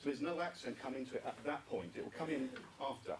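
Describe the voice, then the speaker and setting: Talking fast in a medium-pitched voice, a man leads an interactive talk at a speaking club conference, putting questions to the audience and repeating their answers. There's crowd noise, and the distant mic adds faint background noise.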